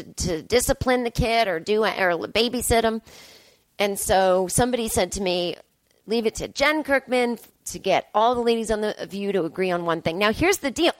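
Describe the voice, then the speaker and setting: A woman's voice: on the high side, no echo. A woman in her forties hosting a solo podcast from a hotel room, chatty, sarcastic and self-deprecating as she tells stories. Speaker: podcast host. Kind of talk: casual solo podcast monologue.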